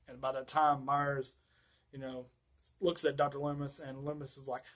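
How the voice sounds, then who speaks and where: A man's voice: medium pitch, little pitch movement, brisk, fairly bright tone, low-quality recording. Rambling, swearing movie reviewer man. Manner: rambling, heavy swearing, many fillers. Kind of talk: casual ranting film recap.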